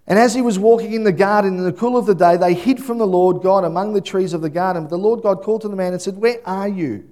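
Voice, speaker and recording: A man, middle-aged, preaching a sermon and telling family stories with lively acted-out voices. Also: fast. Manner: animated storytelling, acts out voices, high excited calling. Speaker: pastor.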